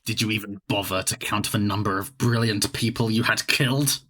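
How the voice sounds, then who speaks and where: A man voicing a proud, bitter British male prosecutor in a fan-read game, speaking with grave, deliberate formality. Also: lowish voice, fairly even intonation, sharp tone, a little hiss or hum.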